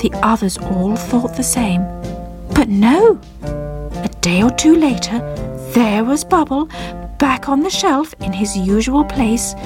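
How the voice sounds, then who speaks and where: Woman storyteller, gentle, high voice, slow, children's music underneath. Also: animated.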